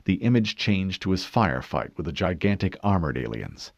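A man narrating an audiobook in a steady, measured way. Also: sits low, no echo. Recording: dull dry studio read.

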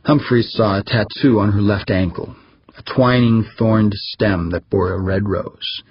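Narrator: man, low husky voice, dull lo-fi sound, reads fiction with light character voices. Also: steady tone, unhurried, slight background noise. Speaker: audiobook narrator. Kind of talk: scripted narration.

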